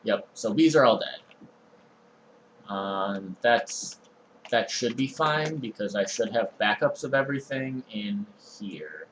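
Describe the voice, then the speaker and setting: A young man streaming a game, talking through his inventory in a relaxed, meandering way with frequent ums and uhs. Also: lowish voice, slow pace, slight background noise, low-quality recording. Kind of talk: casual let's-play commentary.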